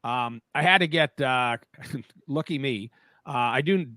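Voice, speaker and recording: Fifties male co-host, bright, forceful voice, animated storyteller. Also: medium pitch, measured pace, dry recording, clean studio sound. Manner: animated storyteller who acts out quoted voices. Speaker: podcast co-host. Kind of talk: casual anecdote telling.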